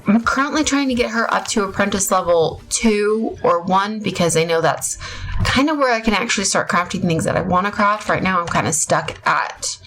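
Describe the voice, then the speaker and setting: Her medium-pitched voice has a fairly bright tone as she chats through her own gameplay. The gamer rambles and mocks herself lightheartedly, with faint background music in the recording.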